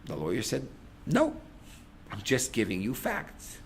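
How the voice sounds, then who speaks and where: A middle-aged man, a rabbi, giving a lecture to a class on relationships. He tells stories in a lively way, acts out what people say, and breaks into sudden loud outbursts. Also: medium pitch, measured pace, creaky, very noisy. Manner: animated storyteller, acts out quotes, sudden loud bursts.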